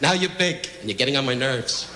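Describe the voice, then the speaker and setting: A male stand-up comedian roasting his audience in rapid-fire, mocking insults with theatrical asides, performing at a live show. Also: mid-range voice, animated. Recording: roomy archive clip with loud noise.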